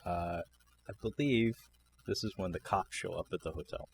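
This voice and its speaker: A man co-hosting a podcast, chatting casually about a film in a relaxed, wry way, often laughing. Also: low voice, normal speed, gravelly, a little hiss or hum. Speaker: podcast co-host. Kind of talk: casual film review chat.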